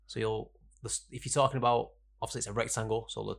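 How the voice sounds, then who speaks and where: A man's voice: on the low side, fairly even intonation, fast talker, vocal fry. A young man co-hosting a podcast, chipping in with dry, jokey asides in casual banter. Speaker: podcast co-host.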